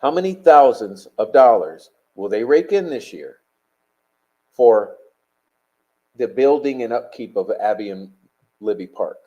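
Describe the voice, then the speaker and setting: Blunt, combative man with a dark voice. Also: medium pitch, animated, measured pace, pauses often, muffled recording. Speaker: live stream host. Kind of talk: casual live stream commentary, reading chat.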